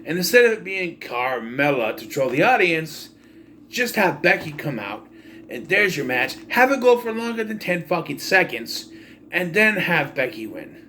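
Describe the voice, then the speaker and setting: A young man reviewing a wrestling pay-per-view talks at a moderate pace in a slightly high voice, with a bit of hiss or hum on the recording. He offers a casual, opinionated recap, ranting animatedly, often exasperated and swearing.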